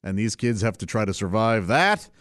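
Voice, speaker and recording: A man's voice: on the low side, sing-song, moderate pace, a bit bright, no room sound, clean studio sound. A man hosting a casual solo podcast, chatty and rambling and laughing often. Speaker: podcast host.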